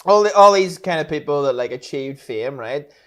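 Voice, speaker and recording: A man's voice: on the high side, normal speed. A young man, chatting casually as a podcast co-host, telling stories and swearing freely. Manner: animated storyteller, sweary, acts out loud mocking voices. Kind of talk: casual chat.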